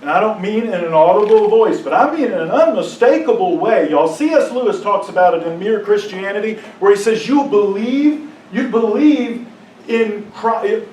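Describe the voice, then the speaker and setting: A man giving a personal testimony to a congregation, telling his story with emotion, sometimes dropping to a hushed, halting voice and sometimes rising to impassioned outbursts. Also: sits high, animated, a little hiss or hum. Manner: drops to a hushed, halting voice at painful moments. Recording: echoey room, mic at a distance.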